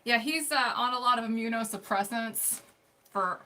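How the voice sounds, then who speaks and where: A woman's voice: on the high side, normal speed, sharp tone. A woman hosting a livestream, chattily describing wig colors. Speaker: wig reviewer and livestream host. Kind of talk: casual product chat.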